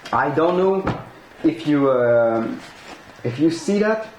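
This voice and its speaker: Man, non-native English speaker, hosting an excitable home unboxing vlog; talks slowly, swears and laughs a lot; roomy, noisy recording. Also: on the high side. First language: not English. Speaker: collectibles unboxer. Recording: echoey room with noisy background.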